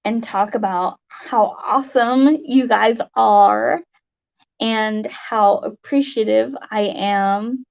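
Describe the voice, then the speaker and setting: A woman talks slowly to her livestream viewers, her voice gravelly and close to tears. She stumbles and restarts, full of "um" and "you know." The webcam audio sounds dull and lo-fi. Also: fairly high pitch, darkish tone. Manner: emotional, tearful, halting with many fillers. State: teary, sniffling. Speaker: livestream host. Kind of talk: casual livestream chat to viewers. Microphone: webcam mic.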